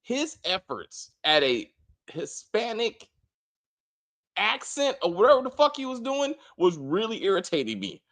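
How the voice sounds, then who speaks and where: Animated man ranting in a casual review. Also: high voice, a little slow. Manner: emphatic, profane ranting. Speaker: co-host of a TV review show. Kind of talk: casual spoiler review chat.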